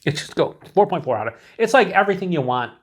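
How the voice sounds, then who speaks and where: A man's voice: high voice, big pitch swings, fast. A man from the United States giving a rambling, enthusiastic, unscripted beer review, swearing freely and filling his talk with likes and uhs.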